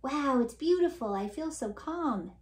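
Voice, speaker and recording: A woman's voice: high-pitched, expressive, measured pace, reverberant, recorded from a distance, voice pushed up. A woman voicing a frazzled, busy male bee who blurts his words in a children's storybook. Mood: calm, amazed. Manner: frantic, blurting.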